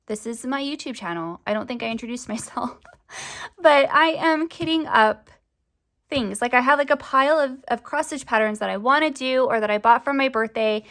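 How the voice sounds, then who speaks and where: A woman's voice: sits high, moderate pace, a bit bright. A young woman chatting casually to camera as a crafting vlogger, rambling with lots of fillers, her voice often rising at the ends of sentences.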